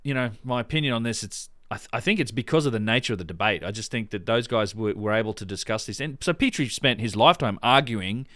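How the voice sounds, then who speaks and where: A man's voice: lowish voice, animated, fast talker, hardly any pauses, fairly bright tone, dry recording, studio quality. A man hosting a casual podcast chat, rambling with many restarts and fillers. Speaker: podcast host.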